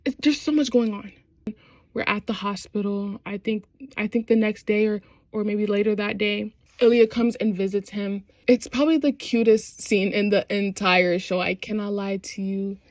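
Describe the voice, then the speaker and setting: A young woman casually recapping a TV show, animated and slangy, acting out the characters' lines as she goes. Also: mid-range voice, moderate pace, no room sound. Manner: animated, slangy retelling with quoted voices. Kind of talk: casual chat.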